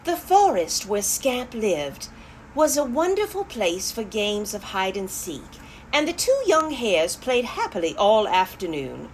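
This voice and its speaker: A woman's voice: medium pitch, a little slow, slight background noise. A woman reading a children's story aloud, chatting to her young listeners between passages. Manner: animated, talks to young listeners.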